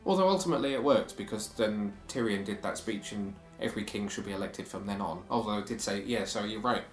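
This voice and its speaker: A man's voice: lowish voice, quick pace, roomy sound, soft background music. A man co-hosting a podcast in casual chat, sharing strong opinions and reading quotes aloud. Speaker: podcast co-host.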